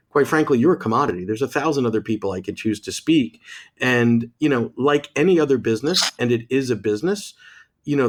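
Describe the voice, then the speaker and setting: A man's voice: medium pitch, darkish tone. A man hosting a podcast interview, talking emphatically with frequent restarts. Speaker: podcast host. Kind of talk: conversational interview.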